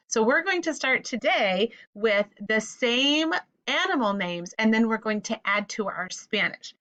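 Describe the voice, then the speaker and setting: A woman's voice: on the high side, sing-song, sharp tone. A woman teaching a children's Spanish vocabulary lesson, patiently saying words and asking listeners to repeat after her. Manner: patient call-and-repeat teaching, slow and clear.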